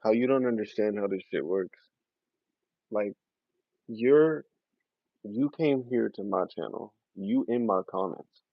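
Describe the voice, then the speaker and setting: A man's voice: lowish voice, unhurried, creaky, long pauses, no room sound. Laid-back slangy young man streaming. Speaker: streamer talking to his live chat. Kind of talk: casual live-stream chat. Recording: dry, slightly dull lo-fi audio.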